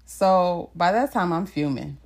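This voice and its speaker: Young woman, podcast co-host, casual storytelling, slightly low voice, animated. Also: a little slow. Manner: animated, laughing storyteller, jumps high for quoted lines.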